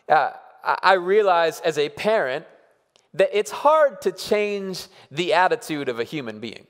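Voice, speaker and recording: A man in his thirties delivers a sermon with earnest, emphatic urging, repeating phrases as he presses his point. His voice sits a little high. Long reverb trails each line, as if in a large hall. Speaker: pastor.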